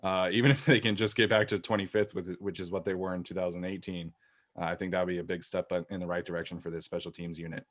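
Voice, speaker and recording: A man co-hosting a sports podcast, talking casually and thoughtfully, often trailing off quietly at the ends of sentences. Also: low voice, level tone, quick pace. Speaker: podcast co-host.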